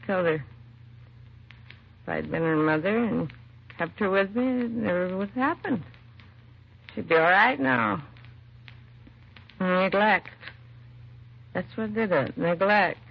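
A drunk worn-out young mom, raspy slurry voice, old lo-fi radio drama sound. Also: female voice, medium pitch, takes it slowly, long pauses, exaggerated voice. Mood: grieving. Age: late 20s. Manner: slurred, weary, self-accusing. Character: drunk grieving young mother, bitter and worn out. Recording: dull lo-fi old radio recording.

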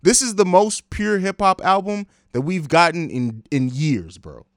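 Man hosting a podcast, animated, quick to laugh, slightly higher voice, dry close sound. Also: no room sound. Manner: animated, laughs often, hypes things up. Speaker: podcast host. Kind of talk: casual chat.

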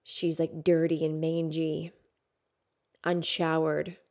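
A woman in her thirties hosting a podcast, telling a raw personal story in an intimate way, swinging from hushed to loud. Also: low-pitched, monotone, slow pace. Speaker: podcast host.

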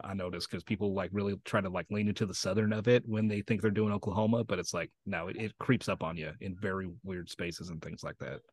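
In a dry recording, a young man from Santa Fe, New Mexico, an actor guesting on an interview, speaks in a low voice. He talks casually and rambles, full of fillers and frequent laughter.

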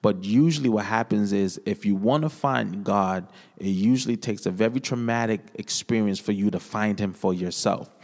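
A man's voice: fairly low pitch, normal speed, hardly any pauses, darkish tone. Earnest man telling his testimony. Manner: earnest storytelling with many repeated phrases. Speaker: podcast guest. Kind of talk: personal testimony in casual conversation. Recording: echoey room with long reverb.

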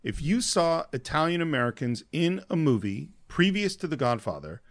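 A man's voice: a little high, very animated, moderate pace. A man co-hosting a film podcast, explaining scenes in a storytelling way. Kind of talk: casual film discussion.

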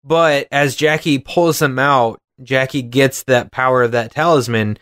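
Male podcast co-host, chatty and laughing, middle pitch, dry close sound. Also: a little slow, clear, resonant tone, no room sound. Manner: chatty, laughs often, animated recaps. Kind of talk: casual chat.

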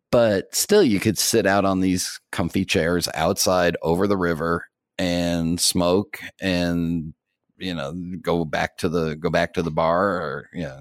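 A man's voice: sits low, no room sound, clean studio sound. An American man co-hosting a podcast, chatting casually in a rambling way with many fillers and little chuckles. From United States. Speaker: podcast co-host.

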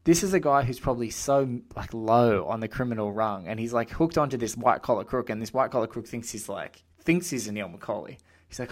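A man hosting a podcast, chatting casually about a film in an excitable, rambling way and acting out quotes. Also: on the low side, quick pace, hardly any pauses. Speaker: podcast host.

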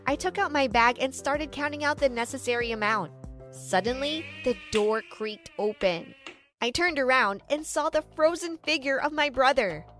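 Young woman narrator, high voice, dramatic first-person story read. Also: normal speed, a bit bright, faint music behind. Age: young adult.

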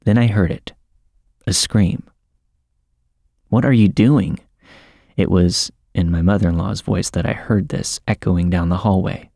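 Deep-voiced man narrating a story. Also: steady tone, creaky, a little mellow, no echo, studio quality. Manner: measured, dramatic storytelling. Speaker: podcast narrator. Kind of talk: scripted horror story narration.

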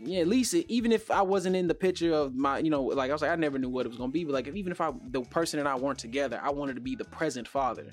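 A young man hosts a casual chat with a slightly high voice. He tells stories in loose slang and acts out each quoted line, and soft music plays underneath. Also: very fast, few pauses. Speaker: podcast host.

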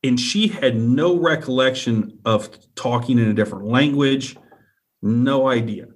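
Man, mid-pitched voice, earnest first-person storyteller, repeats himself and keeps checking in with the listener. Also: unhurried. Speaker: guest telling a personal encounter.

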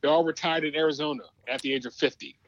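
A man co-hosting a casual sports talk show, chatty and quick to agree. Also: fairly high pitch, fairly even intonation, no room sound, dull audio.

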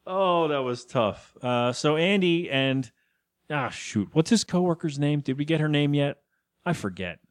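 A young man co-hosts a podcast and rambles through a recap of a TV episode. He keeps breaking into put-on voices for the characters. His pitch swings widely and sits a little high for a man. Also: expressive, a little slow. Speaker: podcast co-host. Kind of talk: casual chat recapping a TV episode.

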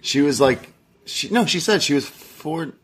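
A man's voice: fairly high pitch, expressive, unhurried, fairly bright tone, husky. A man co-hosting a podcast, telling a long story in casual chat, swearing often and laughing at himself. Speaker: podcast co-host.

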